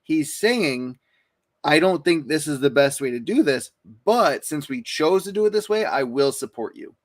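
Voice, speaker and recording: A man with a slightly raised pitch co-hosts a casual podcast chat. He agrees readily and takes his time explaining a point in full. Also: lively intonation, moderate pace. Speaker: podcast co-host.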